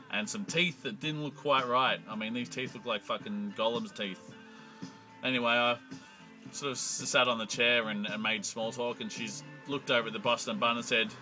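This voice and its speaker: A man's voice: medium pitch, bright, forceful tone, low-quality recording. A young Australian man telling a crude, profanity-laced comic story in a rambling monologue. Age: young adult.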